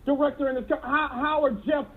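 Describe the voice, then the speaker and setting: A man giving a fiery motivational speech as a network marketing trainer, emphatic and repetitive, building up to shouts. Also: extremely high pitch, flat delivery, a little fast, narrow, tinny audio.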